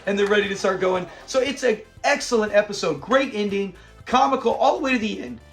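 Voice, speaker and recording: A man hosting a casual episode review, retelling scenes with lively acted-out lines and frequent laughs. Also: high voice, fairly quick, vocal fry, soft background music. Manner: animated retelling, acts out the characters' lines, laughs often.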